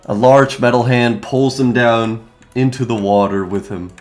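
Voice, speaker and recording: Brief: man running a tabletop game, mid-pitched, casual swearing narration. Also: steady tone, measured pace, soft background music. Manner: loose and profane, with restarts. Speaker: game master.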